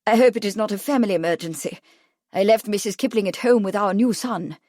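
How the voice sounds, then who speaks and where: A woman voicing a brisk, anxious gentleman in an audiobook. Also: medium pitch, no room sound, clean studio sound, lightly acted. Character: Kipling, a worried family man.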